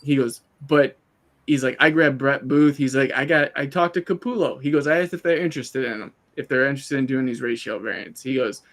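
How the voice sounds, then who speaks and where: A man's voice: medium pitch, a little fast. A man co-hosting a casual comics talk stream, telling long stories and quoting people as he goes. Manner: animated storyteller, quotes people in put-on asides. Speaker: co-host. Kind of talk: casual chat.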